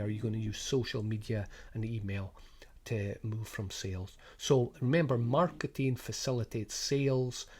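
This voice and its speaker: A middle-aged man with a strong Scottish Highland accent explains a coaching programme casually, with frequent restarts and rhetorical questions. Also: a little mellow, slightly rough. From Scotland. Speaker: sports business coach. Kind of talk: informal spoken programme overview.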